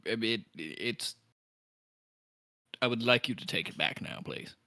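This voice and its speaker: Dude doing a half-orc blacksmith guy, blunt and crude, swears a lot, bright dry voice. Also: lowish voice, animated, slow pace, dry recording, heavily acted. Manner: blunt, cursing.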